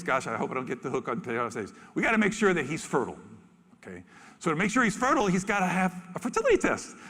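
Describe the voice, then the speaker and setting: A man giving a lively, storytelling talk from an expo stage as a zoo spokesperson, acting out animals in funny voices. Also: high voice. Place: expo main stage in a large hall. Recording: reverberant large hall.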